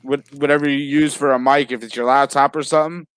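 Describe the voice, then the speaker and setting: A man's voice: mid-range voice, steady tone, quick pace, a bit bright, clear, resonant tone, no room sound. A man hosting a casual comics livestream, talking loosely while juggling guests and the chat. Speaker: livestream host.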